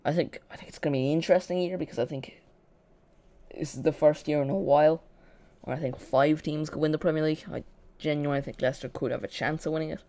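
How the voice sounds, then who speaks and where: Football watch-along host, casual live chat, mid-pitched voice, restarts mid-sentence, dry sarcastic asides. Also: steady tone, fast talker, dark tone. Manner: chatty, self-correcting, dry sarcasm.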